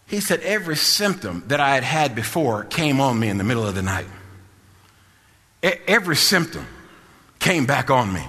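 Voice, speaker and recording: A male preacher, preaching a sermon in a shouting, sing-song style with bursts of laughter. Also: mid-range voice, slightly rough, big-room sound.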